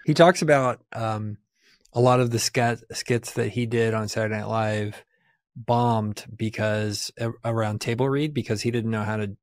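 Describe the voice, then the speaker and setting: A man's voice: on the low side, steady tone, normal speed, no echo, clean studio sound. A man talking as a podcast guest in casual chat, an enthusiastic storyteller who chuckles mid-sentence.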